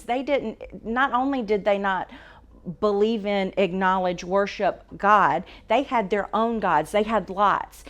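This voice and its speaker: Woman leading bible study, chatty and casual, asks the group stuff, mid-pitch voice. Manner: conversational, asks the group questions, self-correcting.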